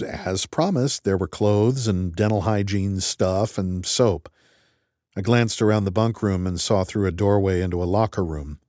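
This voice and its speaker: A man's voice: low-pitched, a little mellow, no room sound, clean studio sound. A man narrating an audiobook in the first person with a wry, conversational manner.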